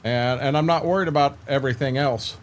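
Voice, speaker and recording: A man's voice: mid-range voice, fairly quick. An older man chatting casually with viewers while streaming a farming game, laid-back and rambling, repeating words and filling gaps with "uh".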